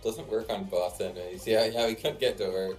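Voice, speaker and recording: A man's voice: lowish voice, steady tone, a little fast, a little mellow. A man co-hosting a game stream, making dry, sardonic, critical quips. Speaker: co-host of a game mod dev stream. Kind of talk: casual let's-play commentary. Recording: roomy echo, faint music behind.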